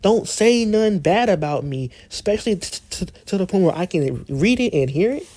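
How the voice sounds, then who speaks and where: A man's voice: high voice, expressive, normal speed, dark tone, dry recording, studio quality. A man ranting as a YouTuber in a heated, profane way, often restarting his sentences. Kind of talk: ranting commentary.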